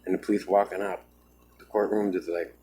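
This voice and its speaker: A man's voice: deep voice, little pitch movement, brisk, mellow, slight background noise, poor audio. A man talking to his own camera in an agitated, emphatic vlog monologue, often saying "man". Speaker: vlogger. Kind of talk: self-recorded vlog monologue.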